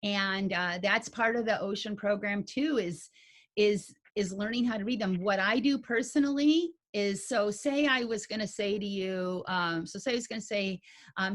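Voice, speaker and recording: A woman teaching a dog agility study group in a folksy, animated, conversational way. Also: mid-range voice, moderate pace. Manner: folksy and animated, with homey grammar.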